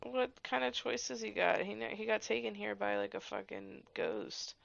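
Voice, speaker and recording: A woman's voice: a little high, moderate pace, vocal fry, dull audio. A young woman co-hosting a podcast, gushing and joking wryly as she watches a movie. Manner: gushing and wry, lively swings. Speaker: podcast co-host. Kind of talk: casual movie watch-along chat.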